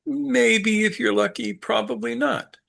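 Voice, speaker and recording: A man giving an unscripted teaching talk, halting and full of fillers, with a dry sense of humor. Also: high voice, creaky, a bit bright. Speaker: speaker leading a study group talk.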